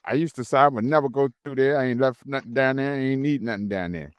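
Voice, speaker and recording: A man's voice: medium pitch, quick pace, smooth, no room sound. A middle-aged man, co-hosting a podcast and telling a road story casually, acting out the people in it. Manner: animated, acts out voices in his story. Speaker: podcast co-host, truck driver.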